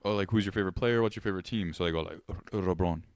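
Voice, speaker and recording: A man co-hosting a podcast, telling an animated story in casual chat and acting out quotes. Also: on the low side, rapid-fire, no room sound, studio quality. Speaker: podcast co-host.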